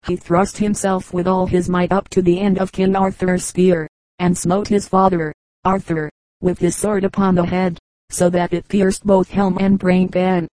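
A woman reading an old tale aloud as an audiobook narrator, measured and steady. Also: lowish voice, no room sound, rough recording. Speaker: audiobook reader. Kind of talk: storybook narration.

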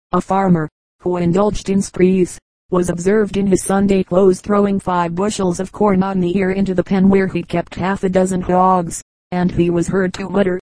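Mellow-voiced woman narrating an audiobook. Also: fairly low pitch, little pitch movement, moderate pace, no room sound, low-quality recording. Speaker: audiobook reader. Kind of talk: scripted narration.

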